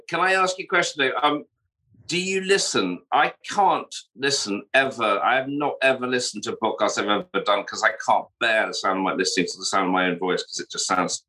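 Podcast cohost guy, hesitant, bit self-deprecating, bright tense tone. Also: medium pitch, low-quality recording. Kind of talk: casual chat.

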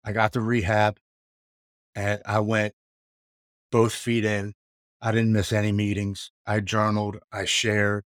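A man's voice: lowish voice, completely flat delivery, unhurried, long pauses, no echo, studio quality. A man in his forties earnestly telling his own story of addiction and recovery in a casual talk. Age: 40s. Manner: earnest, emotional, matter-of-fact retelling.

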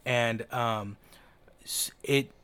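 A man's voice: mid-range voice, fairly even intonation, drawn-out words, fairly bright tone, clean tone, dry recording. A man co-hosting a podcast, chatting casually and rambling with enthusiasm, swearing now and then. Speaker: podcast co-host. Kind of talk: casual chat.

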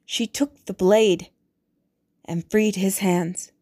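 A woman reading a novel aloud as audiobook narrator, in a measured, deliberate way. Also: mid-range voice, fairly even intonation, warm tone.

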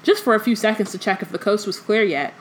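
A woman reading aloud as a reckless grown man, in a quick, light delivery. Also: medium pitch, slight background noise, lightly acted. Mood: breezy.

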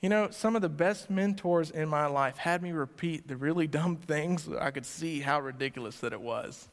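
A male pastor preaching to a church congregation, asking them direct questions and swinging between loud emphasis and quiet lines. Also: on the high side, moderate pace. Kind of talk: sermon. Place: church sanctuary before a congregation. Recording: long hall reverb.

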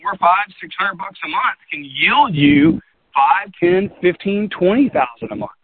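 A man's voice: high voice, lively intonation, unhurried, a crowd in the background. A man giving a motivational team talk as a business leader, folksy, earnest and repetitive. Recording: tinny phone-like line.

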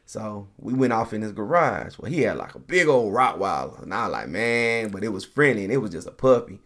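A man's voice: fairly low pitch, a little fast. Dude telling a funny story on his podcast, laughs a lot, does little voices for people. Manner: animated storyteller, acts out quotes, laughs often. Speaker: podcast host. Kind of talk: casual storytelling.

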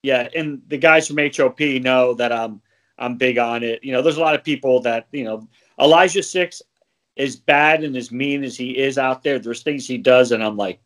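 A man's voice: mid-range voice, normal speed. A man who works as a wrestling referee, chatting casually on a podcast, laughing often and rambling with plenty of fillers.

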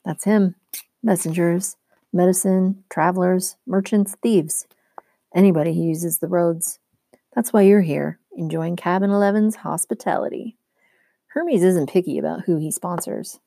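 A woman's voice: lowish voice, measured pace, vocal fry, mellow, dry recording. A woman voicing an easygoing but bitter teenage boy camp counselor, talking in a casual, offhand way in a read-aloud novel.

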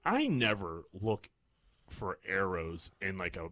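A man's voice: low-pitched, sing-song, slow pace, fairly bright tone. Profane, rambling man. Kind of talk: casual banter.

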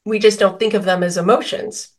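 A woman's voice: mid-range voice, steady tone, fairly quick. A woman guest on a podcast interview, explaining feelings with everyday examples and quoted dialogue. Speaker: author and guest.

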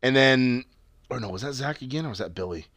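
A man's voice: mid-range voice, lively intonation, fairly quick, fairly bright tone, no room sound. A man co-hosting a casual chat about a TV show, rambling and swearing, with lots of fillers and restarts. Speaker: podcast co-host.

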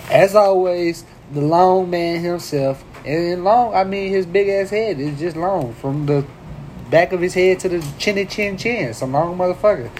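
A man's voice: sits high, moderate pace, darkish tone, slight background noise. A man hosting a casual podcast, teasing his co-hosts and telling jokes in a loose, profane way. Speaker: podcast host.

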